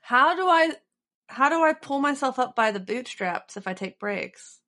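A woman co-hosting a podcast in casual chat, wry and deadpan as she teases. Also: high-pitched, moderate pace. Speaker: podcast co-host.

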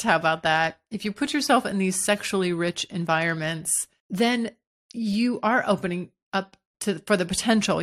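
A woman hosting her own podcast, talking frankly and casually in a solo monologue, with frequent restarts and casual swearing. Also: fairly low pitch. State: hiccuping. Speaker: podcast host.

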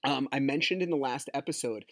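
On his own podcast, a divorced dad delivers a casual, rambling rant about a custody battle, swearing, agitated, and cutting across his own words. He speaks fairly quickly in a mid-range, fairly bright voice. The sound is clean studio audio with no room sound.

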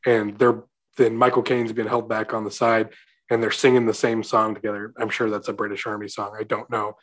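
A man hosting a casual movie discussion, teasing his co-hosts and retelling scenes in a lively way. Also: fairly low pitch, fairly quick. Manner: joking, teasing, animated retelling. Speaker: podcast host.

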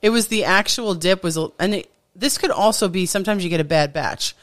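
Clear-voiced chatty woman podcaster. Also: lowish voice, a little fast. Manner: chatty, lots of fillers and restarts. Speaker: podcast co-host. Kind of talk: casual chat.

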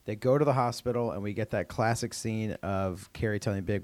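Fairly quick and darkish in tone, his fairly low voice carries no echo as he co-hosts a podcast. He casually walks through a TV episode, rambling with plenty of "um," "uh," and restarts.

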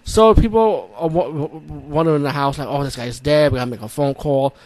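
A man's voice: fairly high pitch, fairly quick, no room sound. A man with a New York accent gives a loose, rambling recap of a horror film. He swears freely and jumps into acted-out reactions along the way, in a casual, unscripted delivery. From the Bronx, New York. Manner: rambling, profane, animated retelling with acted-out reactions. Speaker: movie reviewer.

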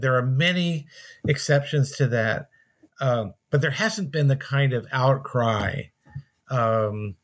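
A man, an author answering interview questions thoughtfully, in a halting way with many pauses and restarts. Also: medium pitch.

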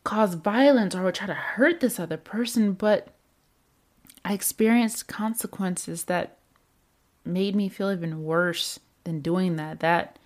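Slow, low-voiced woman on anger. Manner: repetitive, emphatic, rhetorical questions. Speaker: speaker on anger and emotions. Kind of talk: reflective self-help talk.

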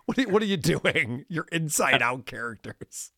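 A man's voice: on the high side, sing-song, moderate pace, bright, forceful tone, no room sound, studio quality. A man hosting a podcast, giving sarcastic, mocking commentary on clips and laughing often. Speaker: podcast host. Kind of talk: casual commentary on played clips.

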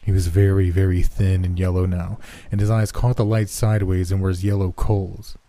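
A man narrating a horror story in a slow, measured way. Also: low voice, level tone, mellow, no echo.

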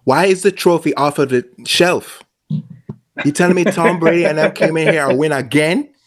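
A man's voice: a little high, moderate pace, lightly acted. A man doing an indignant Jamaican singer impression. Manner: mock-outraged rant. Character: impression of a famous female singer, woman ranting about a football team.

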